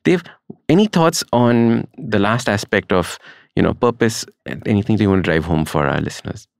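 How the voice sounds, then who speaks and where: A man's voice: fairly low pitch, expressive, normal speed, gravelly, no echo, clean studio sound. A man hosting a podcast, affirming and summing up his guest's points in a conversational way. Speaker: podcast host.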